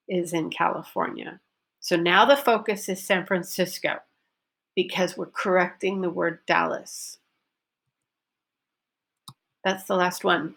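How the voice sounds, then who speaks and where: A woman teaching a pronunciation lesson, modelling sentences and stressing focus words deliberately. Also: lowish voice, vocal fry, a bit bright. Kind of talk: recorded online lesson.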